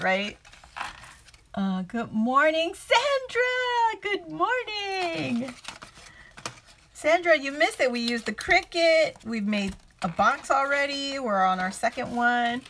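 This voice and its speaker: A woman's voice: on the high side, fairly bright tone, slight background noise. A woman hosting a casual crafting livestream from home, chatting, laughing often and greeting viewers by name.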